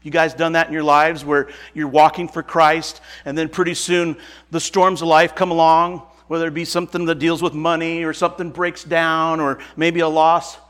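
A Nebraska preacher gives an informal sermon, retelling a Bible story in a folksy, casual manner, often restarting, chuckling and correcting himself. His voice is fairly high and bright, with little pitch movement and a moderate pace.

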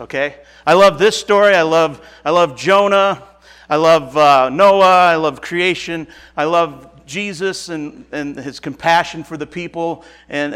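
A man preaches to his congregation with earnest, emphatic warmth. He talks in a casual, conversational way and often repeats phrases. His voice sits a little higher than most men's. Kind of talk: sermon to a congregation.

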